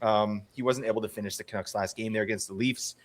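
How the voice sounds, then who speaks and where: A man co-hosting a fantasy hockey podcast, chatting casually in an animated, joking, rambling way. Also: lowish voice, fast. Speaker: co-host.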